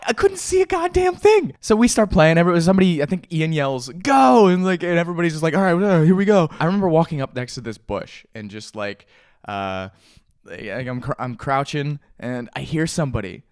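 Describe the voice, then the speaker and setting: On a casual morning chat for his channel, a young adult male vlogger rambles through a childhood story, laughing often. He's at home with a pet, his slightly high voice captured dry and clean on a stand-mounted mic, with studio-quality sound.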